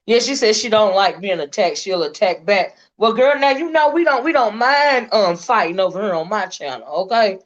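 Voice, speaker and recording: A woman's voice: mid-range voice, expressive, moderate pace, hardly any pauses. A woman hosting a casual panel chat, sassy and teasing, laughing often. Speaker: channel host. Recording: dull lo-fi stream audio.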